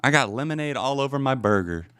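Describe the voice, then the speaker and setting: A man's voice: mid-range voice, expressive, fast talker, sharp tone, smooth, no echo, studio quality. A man streaming live, reacting to songs with casual, swearing, disbelieving commentary and frequent laughter. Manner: incredulous, swearing, laughing often. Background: faint music playing.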